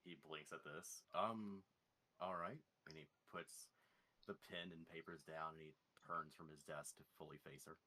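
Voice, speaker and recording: Very deep-voiced quiet man. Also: flat delivery, normal speed. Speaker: player. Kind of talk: narrating a tabletop game.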